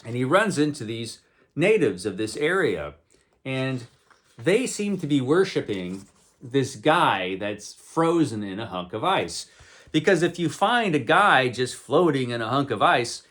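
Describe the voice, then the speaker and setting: A man talks through a comic book in a relaxed, conversational way, drifting into wry asides. His pitch moves around a lot and stays animated. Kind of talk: casual spoken review.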